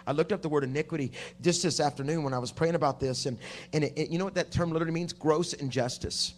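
A man preaching a sermon at a conference, dropping to a hush and then rising to shouting. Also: on the high side, fast, slight background noise. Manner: swings from hushed to shouting preaching. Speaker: pastor. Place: conference hall.

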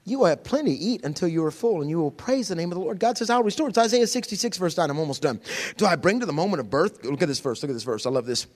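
A middle-aged man preaching in a church, his voice sitting a little high. He swings from loud, excited outbursts to soft, hushed whispers. He plays out quoted voices with a comic flair. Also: racing, big-room sound. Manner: acts out quoted voices with humor. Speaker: pastor. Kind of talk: sermon. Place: church sanctuary.

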